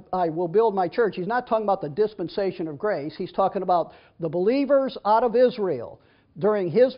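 A man teaching from the Bible, reading verses aloud and then explaining them in a chatty, conversational way. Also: sits high. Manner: reads scripture then explains it in a casual, chatty way with restarts. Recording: dull lo-fi recording.

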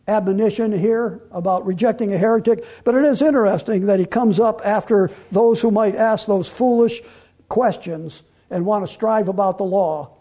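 A male pastor teaches through a Bible passage in a loose, conversational sermon. His voice sits high for a man, with a husky, mellow tone. He often restarts his sentences and slows down when he leans on a quoted verse. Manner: conversational, with frequent restarts and fillers.

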